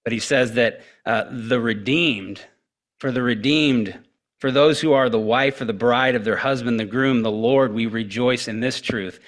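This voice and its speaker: A man delivers a sermon in a voice of ordinary middle pitch. He speaks earnestly, with many fillers and restarts, repeating words as he works toward each point. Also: a little slow, fairly bright tone. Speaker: preacher.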